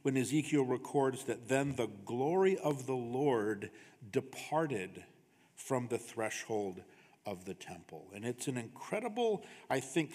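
A man's voice: medium pitch, darkish tone. A man preaching a sermon as pastor, in a conversational style that often tags his points with "right?". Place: church sanctuary. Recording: long reverb of a church hall.

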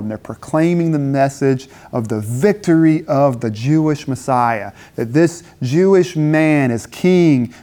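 A man's voice: mid-range voice, warm tone. A man preaching a conversational sermon at a campus dinner gathering, asking rhetorical questions and briefly acting out biblical speakers.

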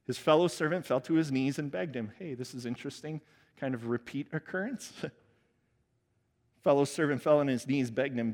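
A man preaching a sermon as pastor, conversational and animated, laughing at his own asides. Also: medium pitch, moderate pace. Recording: long hall reverb.

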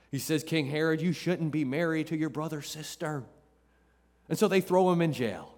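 A man's voice: on the high side, a little mellow. A man preaching a sermon as pastor, emphatic, repeating key phrases for effect. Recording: long reverb of a large hall.

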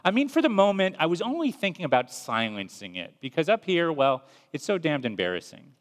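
A man's voice: sing-song, brisk. A man voicing a fussy, nervous male ghost who pleads and makes excuses. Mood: flustered pleading. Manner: nervous, apologetic, higher-pitched. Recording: long reverb.

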